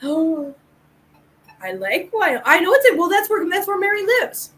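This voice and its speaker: A woman's voice: very high-pitched, very animated, normal speed, a bit bright, rough recording. A middle-aged woman hosting a casual live chat, telling stories with a loose, laughing, swearing manner. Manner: chatty storyteller, laughs often, swears casually. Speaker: livestream host.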